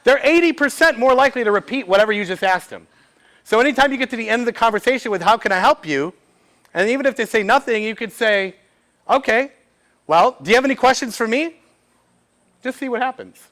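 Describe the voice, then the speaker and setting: A man, giving a lively workshop talk to a live audience, acting out short bits of dialogue and asking the room questions. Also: extremely high pitch, fast talker. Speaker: speaker at a business event. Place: event room before an audience.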